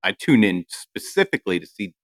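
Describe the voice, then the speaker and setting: A man's voice: lowish voice, big pitch swings, brisk, no room sound. A man from Maine co-hosting a podcast, talking bluntly and profanely in casual chat. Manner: blunt, profane fight-fan banter. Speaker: podcast co-host.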